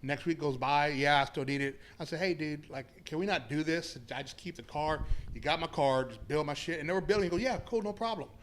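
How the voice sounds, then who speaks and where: A man telling a profane, animated story. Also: fairly high pitch, fairly quick, few pauses. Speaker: podcast guest. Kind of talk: casual storytelling chat.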